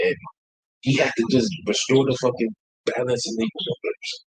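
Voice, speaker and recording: A man co-hosts a casual podcast and talks with a lot of swing in his pitch. His voice is slightly husky, and he acts out the people he quotes with loose, profane energy. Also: big pitch swings, moderate pace, low-quality recording. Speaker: podcast co-host.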